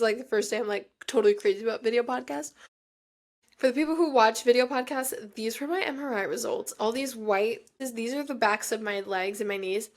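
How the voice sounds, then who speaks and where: A young woman hosting a podcast, telling a personal story with emotion and frequent filler "like". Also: fairly high pitch. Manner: emotional, heavy use of "like". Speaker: podcast host.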